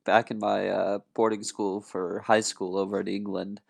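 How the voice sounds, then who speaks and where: A man's voice: fairly low pitch, level tone, moderate pace, creaky, no room sound. A young man co-hosting a podcast, telling stories casually and with enthusiasm, calling people dude. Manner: enthusiastic, says dude a lot. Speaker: podcast co-host. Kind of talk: casual storytelling.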